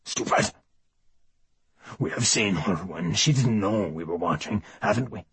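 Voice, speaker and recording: A menacing, unstable werewolf who growls one moment and goes soft and sing-song the next, played by a man reading the story. His voice is husky and sits lower than the narrator's usual voice. It is recorded close and dry. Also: animated, measured pace, no echo, exaggerated voice.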